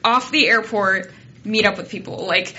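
A woman's voice: mid-range voice, muffled recording, over a noisy crowd. A woman co-hosting a podcast, chatting casually with lots of fillers. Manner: chatty, quick to laugh, filler-heavy. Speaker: podcast co-host. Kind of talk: casual chat.

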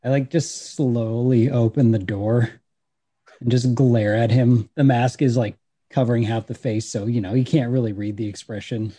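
A man's voice: medium pitch, steady tone, moderate pace, warm tone, breathy edge. A man playing a tabletop game, laid-back and hesitant. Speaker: player. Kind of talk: casual tabletop play.

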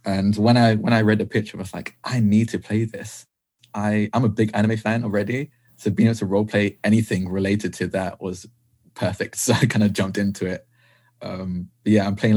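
Young British man, husky low voice, casual podcast chat, laughs a lot. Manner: laughs often between phrases, relaxed and chatty. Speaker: podcast guest.

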